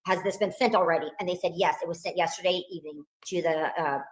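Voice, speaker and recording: A woman's voice: on the low side, fairly even intonation, fast talker. Grieving mother, earnest and upset, echoey interview audio. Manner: earnest, upset, retelling in detail. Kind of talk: emotional interview recounting events. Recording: roomy played-back interview clip.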